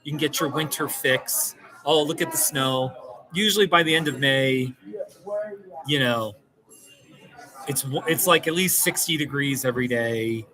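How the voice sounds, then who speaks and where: A man's voice: medium pitch, normal speed, pauses often, crowd noise, poor audio. A man talking to the camera in a casual vlog, rambling and self-mocking and laughing often, outdoors in a small mountain town. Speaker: vlogger.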